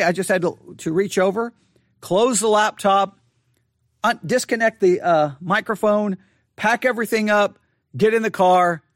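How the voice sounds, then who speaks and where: Guy in his 40s, kinda high voice, earnest and stumbly, dry close mic. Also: fairly bright tone, no echo. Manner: earnest, halting, repeats words. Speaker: online Bible teacher. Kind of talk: personal monologue to an online audience. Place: empty church sanctuary.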